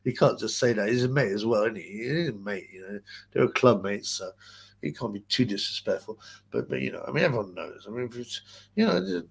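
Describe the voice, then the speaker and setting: A man's voice: mid-range voice, creaky, breathy edge. A man hosting a casual livestream, rambling crude gossip and reading out chat comments with lots of fillers.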